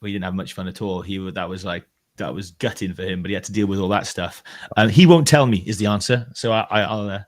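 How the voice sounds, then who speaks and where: A man hosting a live podcast, chatting casually and joking with laughs and quick asides. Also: low voice. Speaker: podcast host.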